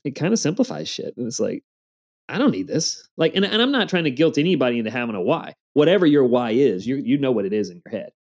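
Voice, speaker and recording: A man's voice: medium pitch, very animated, fast talker, hardly any pauses, a little mellow, lo-fi sound. A man in his forties telling earnest stories in a casual interview, with a motivational tone. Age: 40s. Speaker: podcast guest.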